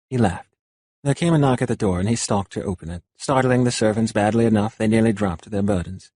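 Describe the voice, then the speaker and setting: A man narrating a novel as an audiobook in a steady storytelling manner. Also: on the low side, brisk, dry recording, studio quality. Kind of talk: scripted narration.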